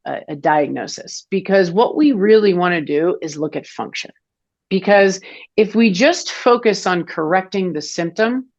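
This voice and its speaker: Lowish woman voice, 40s, foot doctor type explaining stuff, lots of um and restarts, kinda muffled lo-fi audio. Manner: explanatory, frequent fillers and restarts. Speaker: foot health clinician guest. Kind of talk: casual interview chat.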